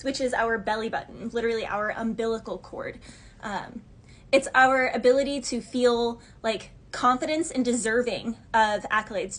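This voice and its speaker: A woman giving a casual, sassy tarot reading, chatty and often acting out imagined gossips. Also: on the high side. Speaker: tarot reader.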